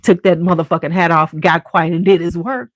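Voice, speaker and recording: A woman's voice: fairly low pitch, a little fast, dry recording. Casting: middle-aged woman vlogger, blunt and salty storyteller, close dry sound. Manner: blunt, profane, animated storyteller. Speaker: vlogger and school staff member. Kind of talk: casual storytelling chat.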